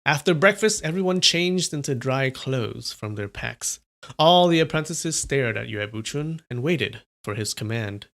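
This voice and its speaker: Brief: man reading a novel live, mid pitch, gravelly, casual asides. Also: animated, measured pace, a bit bright. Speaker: live-stream reader.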